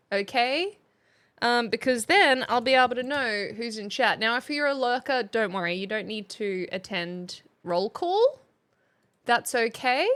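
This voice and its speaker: A woman's voice: fairly high pitch, a bit bright. A woman streaming as a playful mock substitute teacher, chatting casually and reading out viewers' names.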